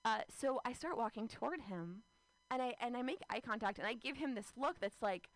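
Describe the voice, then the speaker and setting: Animated self-mocking woman doing stand-up. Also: on the high side, fairly quick, no echo, poor audio. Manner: rambling, self-mocking, full of "like". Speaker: stand-up comedian. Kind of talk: stand-up storytelling set.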